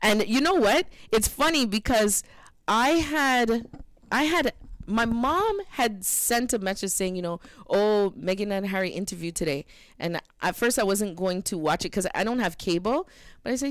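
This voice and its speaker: A woman co-host chats on an internet radio show, telling stories with lively energy. Her mid-range voice is close and dry, with no room sound around it. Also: mid-range voice, normal speed, dry recording. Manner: chatty, animated storytelling. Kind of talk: casual radio talk.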